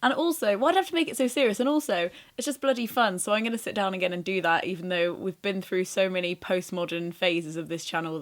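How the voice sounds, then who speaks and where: Young english woman vlogging, chatty and self-mocking, jumps into little asides, mid-pitched voice. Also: fast, few pauses. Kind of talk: casual chat to camera.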